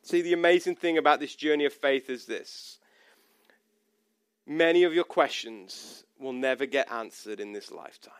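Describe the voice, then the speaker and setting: A man's voice: medium pitch, moderate pace, clear, resonant tone, dry recording, clean studio sound. A pastor in his thirties preaching a personal, conversational sermon, often restarting his sentences.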